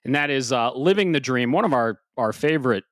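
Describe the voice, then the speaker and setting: Out-of-breath animated male podcast host. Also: mid-range voice, a little fast, no echo, studio quality. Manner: swearing, animated, self-mocking. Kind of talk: casual podcast chat. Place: home office upstairs.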